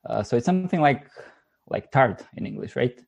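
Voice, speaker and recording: A man from Bulgaria with a Bulgarian accent, a literary translator chatting as a podcast guest in a relaxed, wry way. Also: mid-range voice, brisk, gravelly, dull audio. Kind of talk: casual podcast chat.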